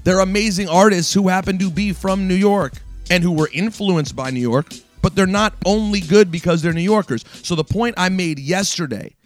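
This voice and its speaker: A man with a high-pitched voice hosts a sports talk radio show, ranting emphatically and giving his opinions straight to his listeners. He speaks at a normal pace, and faint music plays in the background.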